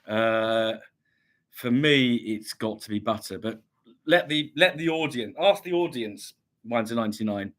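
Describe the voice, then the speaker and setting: A man's voice: mid-range voice, unhurried. A man from England hosting a casual livestream, reading chat messages aloud and chatting back with many ums and restarts, a slight cough lingering. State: slight cough, recovering from illness.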